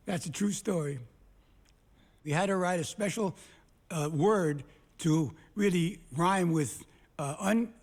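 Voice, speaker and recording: An older songwriter in a recording studio, telling chatty stories between songs at a solo concert. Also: male voice, a little high, a little mellow, slightly rough. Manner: chatty storyteller who breaks into song. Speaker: songwriter performing his songs.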